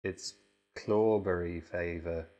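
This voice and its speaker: A man hosting a mock reading and lecture, delivering it deadpan with sudden swearing asides. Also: sits low, slow, dull audio. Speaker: host reading aloud.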